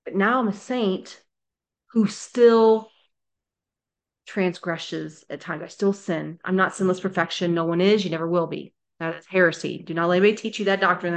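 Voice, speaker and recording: A woman giving an earnest, emphatic Bible teaching, acting out quoted voices as she goes. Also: lowish voice. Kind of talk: sermon-style teaching video.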